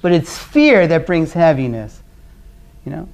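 A man from Brooklyn, New York, giving a conversational class on parenting. He is earnest and often drops to a quiet, low voice as he tells stories. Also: big pitch swings, unhurried, gravelly. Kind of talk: conversational lecture with storytelling.

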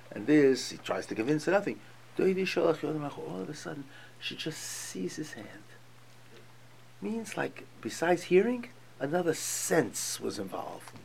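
A man's voice: a little high, creaky. A man teaching a text study class, reading passages aloud and explaining them with emphatic feeling.

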